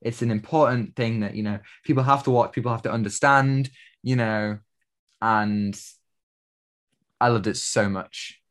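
A man's voice: lowish voice, steady tone, measured pace, pauses often, a bit bright. A young man co-hosting a podcast, talking with enthusiasm and stumbling over repeated words. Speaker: podcast co-host. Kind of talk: casual chat.

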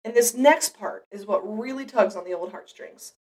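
A woman's voice: medium pitch, normal speed, a little mellow, distant mic, rough recording. A mother giving an earnest, reflective devotional Bible teaching, speaking directly to the listener.

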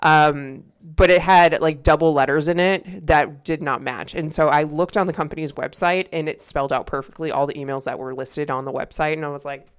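A woman's voice: sits low, steady tone, brisk, hardly any pauses, clear, resonant tone. A young woman co-hosting a casual podcast, telling a long story with lots of swearing and laughter. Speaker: podcast co-host. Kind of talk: casual chat. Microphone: desk mic.

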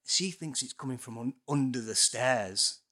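A man's voice: medium pitch, normal speed, sharp tone. A man, a guest musician telling a ghost story in casual podcast chat, swearing and laughing often.

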